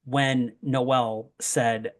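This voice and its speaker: A young man in casual conversation, drifting into rambling asides and quick jokes. His pitch sits in an ordinary middle range, and his talk is loose and full of fillers. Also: level tone. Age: young adult. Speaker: wrestling promoter guest. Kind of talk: casual podcast chat.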